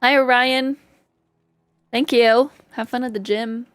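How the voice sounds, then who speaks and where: A woman's voice: a little high, steady tone, slow, fairly bright tone, no echo. A young woman chatting playfully and teasingly with her audience while streaming a game at home. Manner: playful, giggly, teasing chat about slang. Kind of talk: casual live-stream chat.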